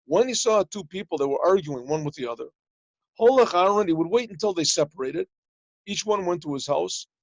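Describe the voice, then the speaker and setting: Over a slightly muffled, lo-fi video call with a dry sound, a male rabbi gives a yeshiva class a Torah lesson. His high-pitched voice is animated and brisk, and he speaks plainly, translating Hebrew phrases and acting out little dialogues in his stories.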